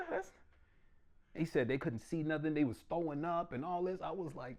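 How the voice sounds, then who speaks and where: A man doing a loud, animated stand-up comedy set in a small room, often slipping into mock voices. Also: high-pitched, moderate pace.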